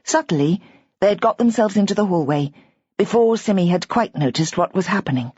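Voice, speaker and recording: A woman narrating a mystery audiobook in a measured, even way. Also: mid-range voice, breathy edge, dry recording. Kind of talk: scripted narration. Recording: dull, lo-fi audiobook recording.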